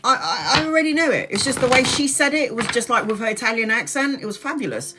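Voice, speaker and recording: A woman's voice: a little high, animated, quick pace, background noise. A woman giving a live-streamed tarot reading, chatty and blunt, swearing casually as she talks. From Brazil. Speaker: tarot reader.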